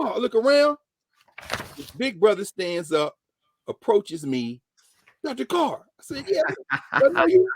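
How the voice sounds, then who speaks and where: A middle-aged man, a professor and regular guest, gives an animated storytelling lesson in a husky voice with huge pitch swings. At a moderate pace with frequent pauses, he drops to near whispers, then bursts out shouting, voicing each person he quotes in a dramatic retelling. The recording is dry and close.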